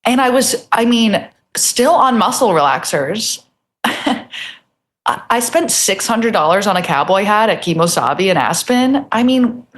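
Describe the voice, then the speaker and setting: A woman's voice: medium pitch, animated, unhurried. A young woman comedian with a New Jersey accent, telling stories in a casual podcast chat, laughing often and putting on exaggerated voices. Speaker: comedian guest.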